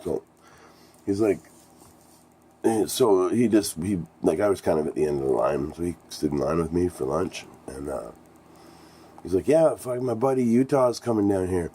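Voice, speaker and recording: A middle-aged man with an extremely low, dark, mellow voice tells a band story in a casual vlog. He rambles, swears often and sounds thrilled by what happened. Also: moderate pace, long pauses, breathy edge. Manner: rambling, profane, enthusiastic storyteller. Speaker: musician telling a band story.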